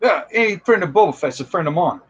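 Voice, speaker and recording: A man's voice: high voice, expressive, fast, breathy edge, muffled recording, pitched above the performer's own voice. Brief: a man imitating a laid-back actor in a shaky New Zealand accent. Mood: friendly. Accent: New Zealand, put on badly. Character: adult male actor, friendly, laid-back.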